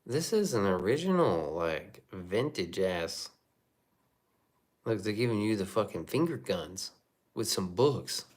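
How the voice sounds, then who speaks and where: A man's voice: fairly low pitch, very animated, a little slow. A man streaming casually and reacting to chat, rambling and profane with chuckling asides.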